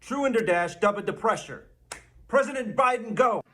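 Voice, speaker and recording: A man's voice: high voice, lively intonation, normal speed, pushed and bright. A man narrating a comedy video as a mock teacher, drawing out his examples. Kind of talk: mock lesson.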